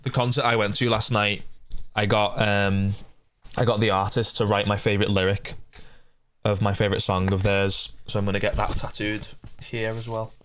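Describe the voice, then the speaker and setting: A young man casually chatting with his stream viewers while playing a game, often swearing and yelling at the characters on screen. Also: lowish voice, little pitch movement, moderate pace, clear, resonant tone. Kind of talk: casual gameplay chat with viewers.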